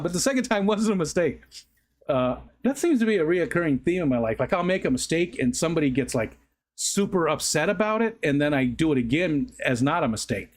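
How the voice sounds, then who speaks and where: A man's voice: fairly high pitch, lively intonation, fairly quick. A middle-aged man hosting a livestream, telling rambling stories in casual chat, often correcting himself and laughing. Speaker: livestream host.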